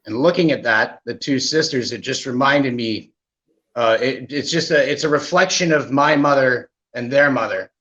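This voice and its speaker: A man from Canada, a podcast guest, candidly telling his own story in an animated way, often asking "right?" as he goes. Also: mid-range voice, normal speed. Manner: animated, with frequent "right?" asides. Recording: muffled lo-fi audio.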